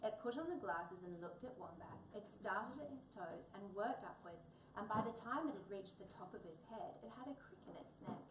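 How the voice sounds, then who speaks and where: A woman reading a children's storybook aloud in an expressive, lilting way. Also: mid-range voice, moderate pace, few pauses. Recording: echoey room, distant mic, faint noise.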